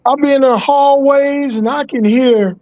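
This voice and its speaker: A man's voice: extremely high pitch, fairly even intonation, unhurried, no room sound, lo-fi sound. A man co-hosting a casual podcast, chiming in bluntly and with swearing. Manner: blunt, profane, chiming in with agreement. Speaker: podcast co-host. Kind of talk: casual chat.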